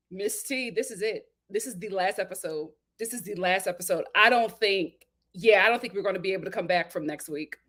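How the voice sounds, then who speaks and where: A woman's voice: mid-range voice, expressive, moderate pace, a bit bright. A young woman hosting a live stream, chatting casually and animatedly with her viewers and laughing often. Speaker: host of a live show review stream.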